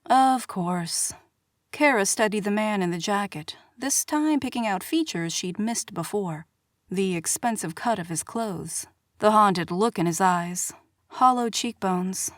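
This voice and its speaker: A woman reading a romance novel aloud as audiobook narrator, measured and expressive, on a studio mic. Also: mid-range voice, no room sound. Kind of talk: scripted narration.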